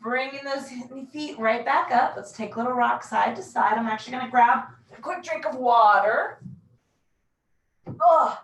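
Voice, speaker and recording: A woman's voice: a little high, normal speed, few pauses. Echoey woman cueing a mat workout. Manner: casual, self-deprecating, calm cueing. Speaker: pilates instructor. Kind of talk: guided workout instruction. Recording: echoey room, mic far off.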